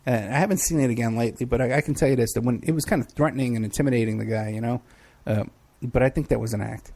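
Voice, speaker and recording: Hosting a live show, a middle-aged man talks very fast in a medium-pitched, darkish voice. He rambles casually through questions from the chat, using many fillers.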